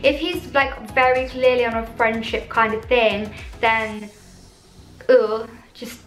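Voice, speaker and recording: A woman's voice: fairly high pitch, steady tone, slow pace. A young British woman chatting in a bubbly, self-deprecating way as she reacts to viewer confessions on her vlog. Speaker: YouTuber. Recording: echoey room with faint music.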